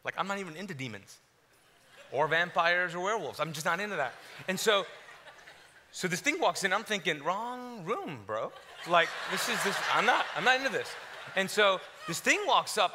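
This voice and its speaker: A man's voice: high-pitched, a little hiss or hum. A middle-aged man from Kuwait telling his story to a live audience, joking and acting out his own past words. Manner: animated, joking storyteller who acts out his past self. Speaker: guest speaker telling his testimony.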